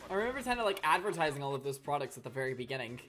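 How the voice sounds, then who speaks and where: A woman streaming live gameplay, talking to her chat in a chatty, excitable, playful way. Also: rumbling low, very fast, faint music behind. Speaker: gaming streamer.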